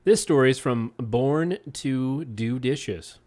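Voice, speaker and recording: A man co-hosting a podcast, chatting casually and taking the other side in a relaxed way. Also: medium pitch, slow pace. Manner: laid-back, argues the other side. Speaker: podcast co-host. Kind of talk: casual chat and reading stories aloud.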